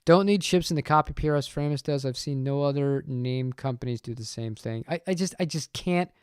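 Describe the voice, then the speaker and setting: Opinionated male streamer, fairly high voice, dry close mic, casual rambling chat. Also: animated, normal speed, smooth, no room sound. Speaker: channel host answering chat.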